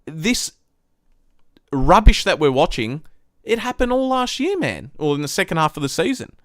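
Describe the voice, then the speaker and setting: Hosting a footy review live stream, a man with a higher-than-average voice rants and curses heavily, speaking at a normal speed. When he gets heated his voice spikes upward; the sound is studio quality with no room noise.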